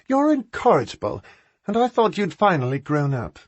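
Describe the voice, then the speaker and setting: A man voicing a haughty, exasperated aristocratic woman who scolds her brother in a high, indignant tone. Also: expressive, normal speed, breathy edge, dry recording, lo-fi sound.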